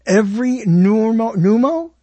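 A man's voice: high voice, expressive, a little slow, warm tone, dry recording. A man hosting a casual live internet talk show, rambling, joking and arguing with his co-host. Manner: rambling, jokey, argumentative.

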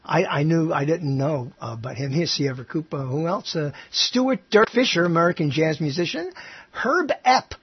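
A man's voice: on the high side, lively intonation, moderate pace, slightly rough. A man co-hosting a casual chat, joking and laughing often as he reads through a list. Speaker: co-host. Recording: dull lo-fi sound.

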